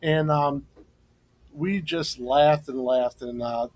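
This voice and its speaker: A man's voice: a little high, takes it slowly, a little mellow, low-quality recording. A middle-aged man, co-host and former coach, telling stories in a casual podcast chat, laughing often and turning emotional in a tribute.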